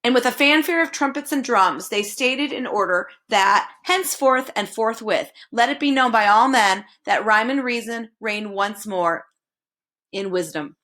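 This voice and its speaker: Woman reading a storybook aloud. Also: on the high side. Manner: expressive read-aloud, slowing on dramatic phrases. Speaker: storybook reader. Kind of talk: reading a children's novel aloud.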